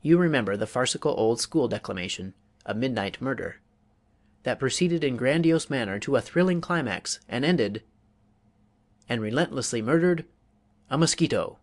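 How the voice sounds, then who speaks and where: A man reading a public speaking manual aloud as an audiobook, in a measured, deliberate way with pauses. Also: medium pitch, expressive. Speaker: audiobook reader.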